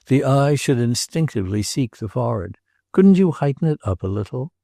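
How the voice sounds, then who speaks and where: A man's voice: mid-range voice, animated, fairly quick, creaky, warm tone, dry recording, studio quality, voice pushed up. A man voicing a pompous, wealthy older patron in a read novel, with a sonorous, self-important delivery.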